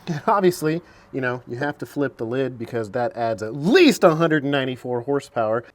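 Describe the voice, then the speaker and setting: Chatty self-mocking man, lively pitch. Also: fairly quick, no room sound. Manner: chatty, self-mocking, gets long-winded. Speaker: car repair vlogger. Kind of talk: casual how-to vlog.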